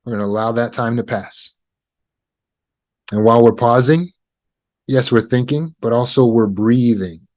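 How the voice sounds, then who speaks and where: With a medium-pitched voice, a man calmly teaches negotiation skills as part of trauma recovery coaching. His pace is measured, punctuated by deliberate pauses.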